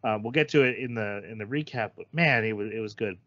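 A man hosts a casual podcast chat in a bright, forceful voice. He rambles, doubling back on words and filling gaps with ums. The recording is dry and slightly dull. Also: fairly low pitch, fast talker, dry recording. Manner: rambling, repeats words, frequent fillers. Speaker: podcast host.

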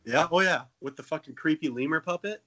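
Brisk and forceful with a bright tone, this man in his twenties co-hosts a relaxed comedy podcast full of jokes, swearing, and sudden silly high voices. The sound quality is lo-fi.

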